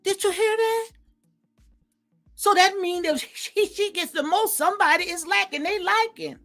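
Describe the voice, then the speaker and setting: A woman's voice: very high-pitched, moderate pace, fairly bright tone, faint music behind. A woman hosting a reaction commentary, talking straight to her viewers, emphatic and repeating her points. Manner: emphatic, repeats phrases, addresses viewers directly. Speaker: commentary channel host. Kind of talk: reaction commentary on viral clips.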